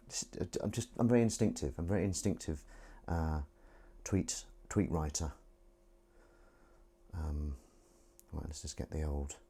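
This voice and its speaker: Low husky man rambling to his stream. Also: dark tone. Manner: rambling, self-mocking, talks to himself while setting up. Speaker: livestream host. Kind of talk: casual solo livestream chat.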